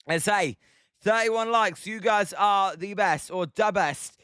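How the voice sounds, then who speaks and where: Young British male streamer, high and bright register, clean dry close-mic sound, casual self-deprecating chat. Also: takes it slowly, smooth, dry recording. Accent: British English. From Britain. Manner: chatty, self-mocking, reads chat aloud. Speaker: livestream host watching baseball.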